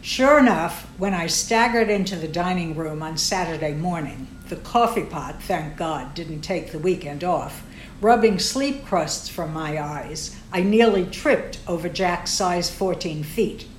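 A woman's voice: lowish voice, expressive, unhurried, a little hiss or hum. A woman narrating first-person fiction in a wry, sardonic manner. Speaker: audiobook narrator. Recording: roomy echo.

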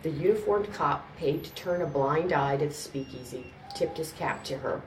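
A woman with a notably low voice reads a story aloud in a steady, measured way. The mic sits some way off in an echoing room, with a faint background murmur. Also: slight background noise. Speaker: narrator. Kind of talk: scripted narration. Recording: roomy, distant mic, faint ambience.

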